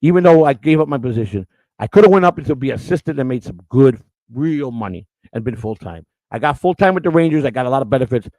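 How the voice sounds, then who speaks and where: A middle-aged man telling stories in a blunt, profane, casual way, with fast run-on sentences and restarts. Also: medium pitch, animated, mellow, dry recording, low-quality recording. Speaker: storyteller recalling his work. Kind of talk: casual storytelling.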